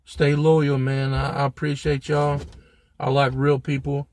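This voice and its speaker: Talking to camera in a monotone, medium-pitched voice that is a little slow and darkish in tone, a young vlogger tells his viewers a story. His delivery is blunt, profane, and full of slang.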